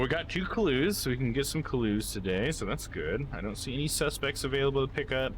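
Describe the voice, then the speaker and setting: A man live-streaming a game, chatting with viewers and reading the game's text aloud. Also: lowish voice.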